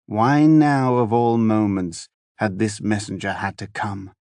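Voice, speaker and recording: Low, measured male audiobook narrator. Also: steady tone, a little mellow, no echo. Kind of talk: scripted narration.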